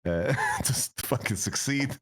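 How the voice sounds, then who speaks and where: A man's voice: mid-range voice, lively intonation, moderate pace, breathy edge. A young man, an esports head coach, telling stories in a casual interview, laughing often and filling his speech with "like". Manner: laughs through stories, lots of fillers.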